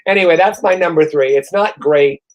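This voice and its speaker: A man's voice: a little high, normal speed, rough recording. A middle-aged man co-hosting a podcast, ranting in a casual, profane and exasperated way while worn out after a shot. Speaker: podcast co-host. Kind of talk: casual chat.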